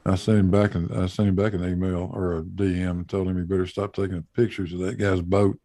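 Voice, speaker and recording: A man's voice: deep voice, little pitch movement, brisk, warm tone, no echo. A man hosting a casual talk show, blunt and profane with dry joking. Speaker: host. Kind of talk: casual chat.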